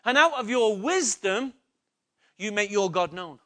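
A man's voice: high voice, lively intonation, measured pace, fairly bright tone. A man preaching a sermon in a church, emphatic and repetitive, putting questions to the congregation.

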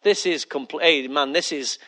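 A man's voice: a little high, measured pace, pushed and bright. A male pastor preaching a sermon emphatically, repeating key lines and putting questions to the congregation.

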